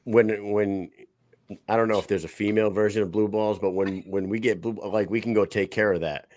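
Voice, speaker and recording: A man's voice: lowish voice, fairly even intonation, a little fast, a little mellow, a little hiss or hum. A man co-hosting a casual podcast, asking blunt questions with a bit of swearing. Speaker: podcast co-host.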